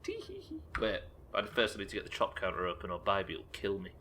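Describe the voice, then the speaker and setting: A man streaming a game live, talking excitably, swearing often and thanking viewers as he plays. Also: deep voice, fast. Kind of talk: live gameplay commentary.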